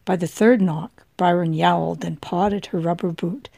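Casting: woman audiobook narrator, measured and gravelly, low and mellow, dry close sound. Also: steady tone, no room sound.

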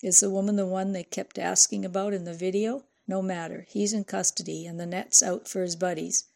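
A woman's voice: medium pitch, level tone, fairly quick, vocal fry, a little mellow, natural voice. A woman reading a breezy, clipped male pal. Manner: chatty, clipped. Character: breezy male friend writing a casual email.

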